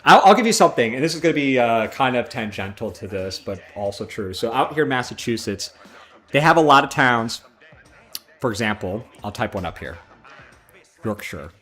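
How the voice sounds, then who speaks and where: A man with a Chicago accent hosting a gaming livestream, chatting casually and swearing, with loud outbursts at the game. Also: mid-range voice, lively intonation, a little fast, faint music behind. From Chicago, USA. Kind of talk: casual chat while playing a fighting game.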